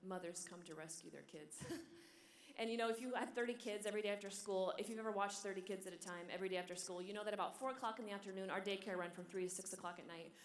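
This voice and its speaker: A religious sister giving a talk at a conference, telling stories with animated energy and dropping to a hushed whisper at tender moments. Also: female voice, mid-range voice, rapid-fire. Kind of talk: sermon. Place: large hall. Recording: echoey hall.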